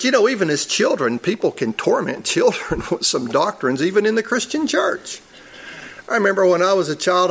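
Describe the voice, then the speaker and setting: A man's voice: sits high, creaky, a bit bright, breathy edge. A man, a church elder, preaching a sermon in a conversational storytelling way and chuckling at his own stories.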